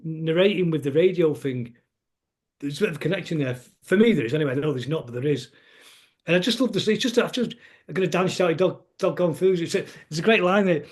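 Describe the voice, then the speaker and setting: Quick-talking Manchester man, rambling. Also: on the high side. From England. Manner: rambling, anecdotal, restarts often. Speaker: guest musician. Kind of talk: casual conversation.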